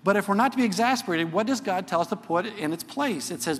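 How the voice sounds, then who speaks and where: A man's voice: sits high, lively intonation, quick pace. A middle-aged man teaching a sermon to a church, earnest and conversational, often checking in with "okay?". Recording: long hall reverb.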